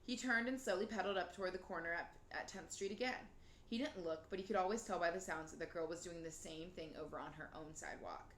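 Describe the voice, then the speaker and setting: A woman reading a children's novel aloud in a steady, gently expressive way. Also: on the low side, fast talker. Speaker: reader. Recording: roomy with faint noise.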